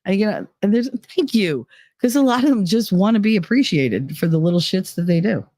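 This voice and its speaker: Her mid-range voice moves briskly as she reads her live-stream chat and responds in a blunt, animated, swear-heavy way. She's from New Jersey with the accent to match, and the audio is studio quality with no room sound.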